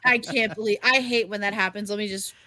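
Animated, swearing New woman, dry. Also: mid-range voice, brisk, no room sound. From New England. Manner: animated, swearing storyteller with many fillers. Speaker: podcast co-host. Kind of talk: casual chat.

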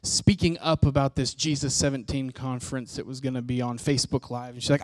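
A man's voice: medium pitch, little pitch movement, a little fast, a little mellow. A man preaching a testimony to his congregation in a candid, self-mocking way, acting out bits of dialogue as he tells the story. His voice sits in a middle range and sounds dry and close, with no room echo. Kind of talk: personal testimony sermon.

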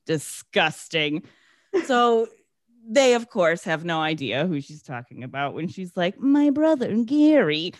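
A woman's voice: low-pitched, expressive, measured pace, no echo, clean studio sound. A woman co-hosting a casual podcast, recapping a movie with sarcasm and swearing, acting out the characters' lines. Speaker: podcast co-host.

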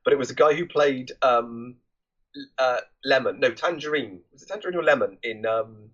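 A man with a husky, slightly breathy voice rambles through a casual film chat, often stopping to search for names and dropping casual swears. His audio sounds dull and muffled, as if it came over a lo-fi remote link. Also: medium pitch, normal speed, a bit bright. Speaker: podcast co-host. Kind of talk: casual movie review chat.

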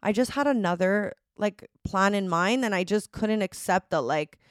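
A woman's voice: mid-range voice, moderate pace, no echo, clean studio sound. A young woman hosting a solo podcast, telling a dramatic story in a chatty, casual way, swearing freely and laughing often. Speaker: podcast host.

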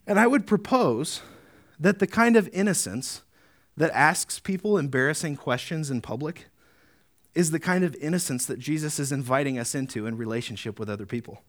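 Man, pastor, sermon, earnest, deliberate slow reading, tag questions. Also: fairly high pitch. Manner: earnest, rising to emphatic peaks, slowing to deliberate reading.

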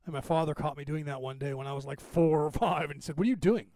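Fast-talking man with a higher voice. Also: flat delivery, a little mellow, no echo. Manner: rapid, talkative, digressive. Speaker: podcast host. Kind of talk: rambling spoken monologue.

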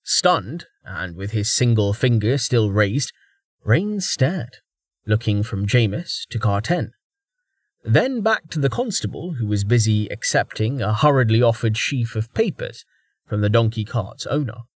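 A man's voice: on the low side, big pitch swings, measured pace, breathy edge, no echo, clean studio sound. Man narrating a fantasy audiobook.

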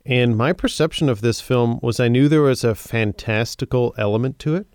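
A man's voice: medium pitch, normal speed, darkish tone, smooth, no echo. Chatty man stumbling through film opinions. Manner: chatty, stammering restarts. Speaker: podcast co-host. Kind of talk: casual film discussion.

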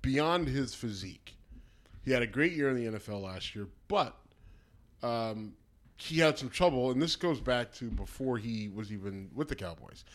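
A man's voice: medium pitch, expressive, moderate pace. A man co-hosting a loose, casual podcast. He is blunt and sometimes crude. He rambles through long explanations full of restarts and fillers. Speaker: podcast co-host. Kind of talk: casual banter.

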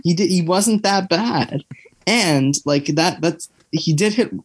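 A man's voice: high-pitched, takes it slowly, breathy edge, no echo. A young man, chatting casually as a podcast co-host, rambling with lots of fillers and tangents. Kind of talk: casual chat.

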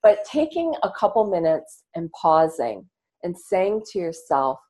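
Earnest low-voiced woman on a call. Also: big pitch swings, measured pace, darkish tone. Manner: earnest, reflective, swears casually. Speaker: podcast guest, coach. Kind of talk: casual interview talk. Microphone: earbuds on a video call.

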